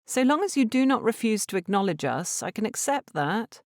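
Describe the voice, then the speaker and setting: A woman reading as an earnest, gentle young Regency lady who pleads her case, her voice raised high above the narration and moving lightly up and down. The sound is dry and close. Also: very animated, moderate pace, no echo. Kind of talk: audiobook character reading.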